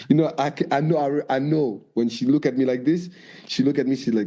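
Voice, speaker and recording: Mellow-voiced man telling lively stories. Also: mid-range voice, brisk, slightly rough. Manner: lively storyteller, acts out quoted voices, swears freely. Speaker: guest dancer and choreographer. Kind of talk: storytelling interview.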